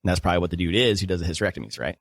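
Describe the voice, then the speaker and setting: Lively low-voiced man co-hosting a book podcast. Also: rapid-fire, dry recording. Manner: loose, swears casually, laughs easily. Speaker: podcast co-host. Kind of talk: casual book discussion.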